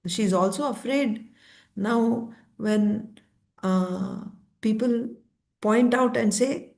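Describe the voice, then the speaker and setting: A woman's voice: a little high, drawn-out words, vocal fry, a little mellow. A woman teaching a scripture class, retelling the story in a conversational way with fillers and asides.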